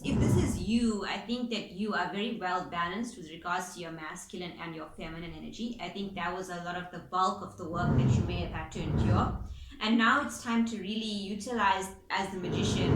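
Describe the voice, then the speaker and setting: A woman's voice: on the low side, very noisy. A woman giving a casual spoken tarot reading as its reader, chatty and informal, with the odd swear word. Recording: echoey room with faint ambience.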